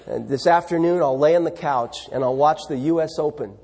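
A man's voice: a little high, a little fast, a little mellow, slightly rough, big-room sound. A man preaching a sermon, talking in a conversational way and putting questions to his congregation. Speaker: pastor.

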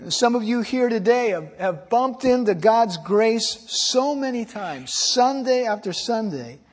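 High-voiced pastor in a reverberant church. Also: male voice. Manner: earnest, pleading, slows for emphasis. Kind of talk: sermon. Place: church sanctuary. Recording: long hall reverb.

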